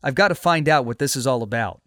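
A man voicing a brisk, puzzled male army captain in a storybook. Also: mid-range voice, animated, fairly bright tone, no room sound, clean studio sound, close to an everyday voice.

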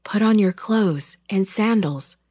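A woman voicing a gentle angel in a storybook reading, soft and hushed yet urgent. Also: medium pitch, takes it slowly, no echo, clean studio sound.

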